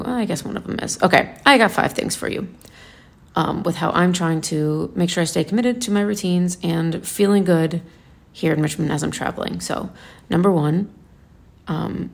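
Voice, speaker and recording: Gravelly-voiced woman chatting casually. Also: on the low side. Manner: chatty, rambling, many fillers and restarts. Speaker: lifestyle vlogger. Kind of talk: casual vlog chat.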